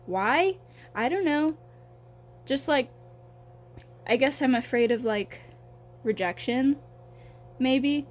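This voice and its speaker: A woman's voice: high voice, expressive, slow pace, long pauses. A young woman in her twenties talking casually while she draws, rambling and swearing with a self-deprecating streak. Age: young adult. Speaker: vlogger.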